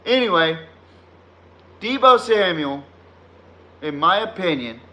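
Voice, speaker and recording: A man hosts a live sports podcast in a heated, profane rant. He trash-talks viewers in the chat, chuckling at his own insults. His voice is high and bright, rising and falling a lot while the overall pace stays unhurried. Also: expressive. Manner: laughs at his own jabs. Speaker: podcast host.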